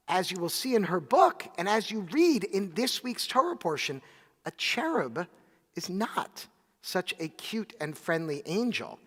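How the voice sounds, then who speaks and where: A man's voice: high-pitched, a bit bright. Man preaching in a reverberant sanctuary. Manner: reflective storytelling. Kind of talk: sermon. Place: synagogue sanctuary. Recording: long reverb of a large sanctuary.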